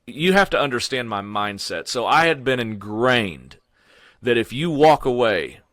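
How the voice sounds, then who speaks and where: A middle-aged man tells his story in a loose, chatty way, scattering "you know" and "man" through his sentences. His voice has a bright, forceful edge, and the recording is dry and close. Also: mid-range voice, expressive, a little slow, no room sound. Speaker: podcast guest. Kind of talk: casual storytelling.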